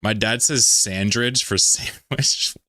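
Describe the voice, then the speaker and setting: A man's voice: deep voice, normal speed, fairly bright tone, no room sound, clean studio sound. A man from Pennsylvania, streaming a game and chatting with viewers in a rambling, joking way, swearing freely. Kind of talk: casual live-stream chat while gaming.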